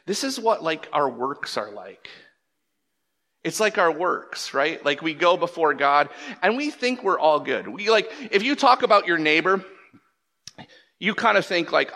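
Male pastor, sermon delivery, bright forceful tone, emphatic surges and drops, big reverberant hall. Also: on the high side, lively intonation, measured pace. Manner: emphatic, swings between loud bursts and hushed lines. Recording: long reverb of a large hall.

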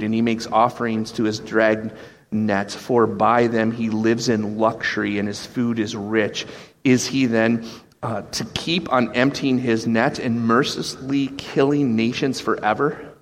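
A man preaching a sermon, animated, acting out quoted voices with sudden jumps in pitch. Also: slight background noise. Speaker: pastor.

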